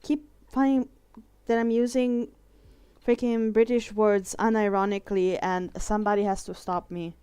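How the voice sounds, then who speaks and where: Chatty young woman, smooth clear voice. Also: mid-range voice, fairly even intonation, normal speed, mellow, no echo. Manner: chatty and rambling, swears casually, laughs often. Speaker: artist streaming a drawing session. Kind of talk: casual chat while drawing.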